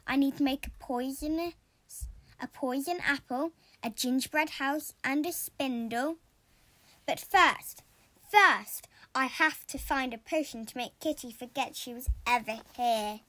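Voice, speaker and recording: A woman reading a storybook aloud, voicing a gleeful, scheming old witch who grows loud. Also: high-pitched, unhurried, no echo. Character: cackling evil old female witch. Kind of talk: storybook character voice.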